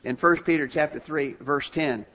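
A man's voice: fairly high pitch, normal speed, bright, forceful tone. An older man preaching a sermon in an earnest, conversational way, often asking his listeners questions. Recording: muffled lo-fi sermon recording.

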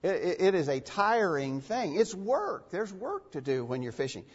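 A man preaching in a husky, fairly high voice, pressing his points and repeating phrases to drive them home. His words ring out with a long echo through a church hall. The recording sounds dull and lo-fi. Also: big pitch swings, normal speed. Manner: emphatic, repeats phrases for stress. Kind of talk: sermon.

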